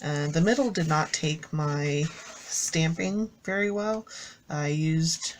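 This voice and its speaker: A woman's voice: low voice, takes it slowly, slight background noise. A woman casually walking viewers through a handmade craft journal, chatty and enthusiastic, rambling with fillers and self-corrections. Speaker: craft YouTuber. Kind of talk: casual show-and-tell craft walkthrough.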